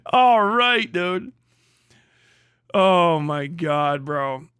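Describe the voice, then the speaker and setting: A young man rants on a livestream, crude and sarcastic, laughing between jabs. His voice is a little high, and it comes out bright and cutting. The mic is close and dry. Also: expressive, extremely slow, smooth, no room sound. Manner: crude, sarcastic, laughs often, answers chat. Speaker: livestream host. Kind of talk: profane ranting stream chat.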